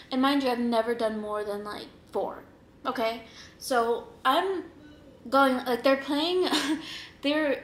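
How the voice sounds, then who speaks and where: Young woman, eating-show host, animated storyteller, higher voice, roomy echo. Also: a little hiss or hum. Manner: animated, rambling, laughs often, acts out quotes. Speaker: mukbang host. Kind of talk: casual storytelling. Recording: roomy echoing room.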